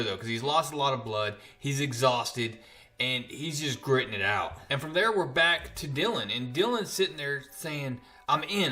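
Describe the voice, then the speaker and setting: A man chatting casually as he recaps comic book issues, telling the story in an animated way. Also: medium pitch.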